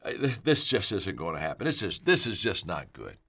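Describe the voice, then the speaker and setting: A man's voice: low-pitched, huge pitch swings, a little fast, a bit bright, husky, voice pushed down, exaggerated voice. A man voicing a gloomy, worrying male barber who tuts and frets in dismay as he tells a story. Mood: exasperated. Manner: worried, tutting, full of dismay.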